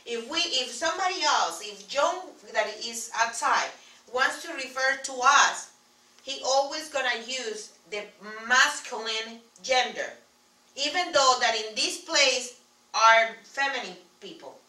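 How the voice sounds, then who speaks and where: Lady teacher, bright voice, halting english, echoey room far from the mic. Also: high voice, expressive. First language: Spanish. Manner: repeats words, halting English. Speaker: Spanish teacher. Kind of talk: classroom teaching. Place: classroom.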